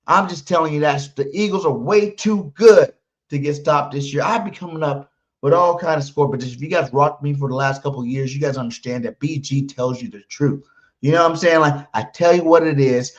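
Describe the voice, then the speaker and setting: A brash man, his voice sitting a bit high. He hosts a hyped live stream, stacking up emphatic promises and calling out names from the chat, and the audio comes through muffled and lo-fi. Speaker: podcast host.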